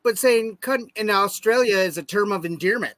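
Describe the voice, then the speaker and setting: A man with a high-pitched voice, recorded dry and close with no room sound. He chats casually on a livestream, blunt and crude in his jokes. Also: moderate pace, fairly bright tone, no echo. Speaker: co-host of a livestream show.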